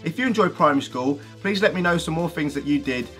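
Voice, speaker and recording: Brief: young male YouTuber, brash comic delivery, slightly high pitch. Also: fast, faint music behind. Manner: energetic, jokey, swears freely, acts out bits. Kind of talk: comedic vlog monologue.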